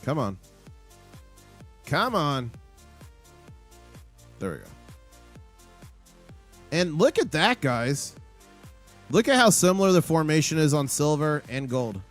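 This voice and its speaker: A man hosting a live stream with market commentary, excitable and rattling off prices and numbers. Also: on the high side, measured pace, long pauses, faint music behind. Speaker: livestream host.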